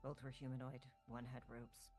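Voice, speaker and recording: A woman player in a tabletop game with an extremely low voice. She speaks quietly and dryly over faint music. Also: little pitch movement, moderate pace.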